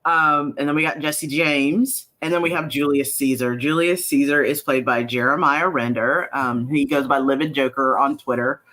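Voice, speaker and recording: Guy talking about his indie cartoon, bright kinda sharp voice, lots of ums. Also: medium pitch, fairly even intonation, moderate pace, few pauses, low-quality recording. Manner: chatty, lots of ums, acts out quotes. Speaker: indie animation creator. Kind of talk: casual interview chat.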